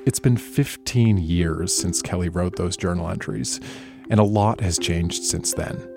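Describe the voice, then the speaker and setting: A male podcast host narrating and gently asking questions in a measured way. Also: deep voice, creaky, loud music behind the voice.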